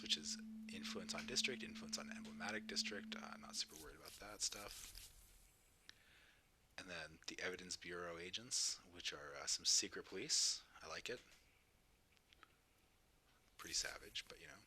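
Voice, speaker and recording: A man's voice: deep voice, normal speed, long pauses, background noise. A tired male streamer casually thinking aloud about game choices, sometimes mumbling. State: tired, yawning. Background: game music.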